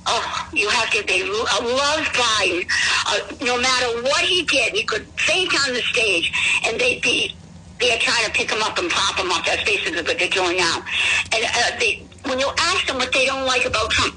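A woman's voice: a little high, lively intonation, normal speed, pushed and bright, slight background noise, poor audio. A woman calling a talk radio show, rambling and scornful about the people she disagrees with. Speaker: caller. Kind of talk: phone-in political talk.

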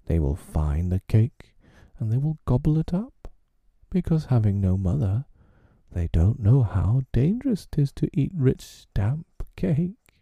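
Brooding, scheming pirate captain for a storybook, put on by a male reader; gravelly, dark, slow. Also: mid-range voice, sing-song, dry recording, pitched above the performer's own voice, heavily acted. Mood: gloating. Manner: slow, brooding, speaks through his teeth. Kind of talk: storybook reading.

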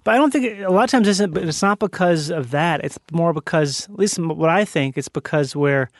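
A man with a notably high voice for a man jokes around in casual podcast chat, his thoughts spilling out in loose run-ons. He sounds animated and playful. The recording is dry and close. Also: fairly quick, dry recording.

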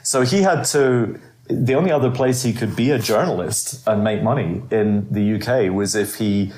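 A man's voice: lowish voice, moderate pace, darkish tone. A man in his sixties, raised in Scotland, giving long storytelling answers as an interview guest, with wry asides. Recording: roomy echo.

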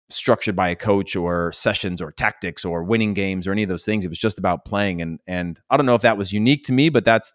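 A man's voice: deep voice, dry recording, studio quality. A man telling rambling, nostalgic stories in a casual podcast chat. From California.

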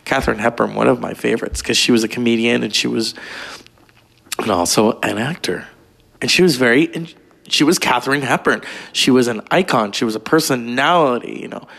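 A man's voice: medium pitch, a little fast, vocal fry, fairly bright tone. A man talking in a rambling, gossipy monologue, full of profanity and digressions. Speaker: vlogger.

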